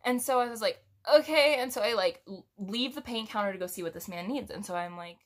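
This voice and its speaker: A woman's voice: mid-range voice, fast talker. A young woman telling a casual story to her viewers, chatty and rambling, with giggles and restarts. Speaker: storytime vlogger.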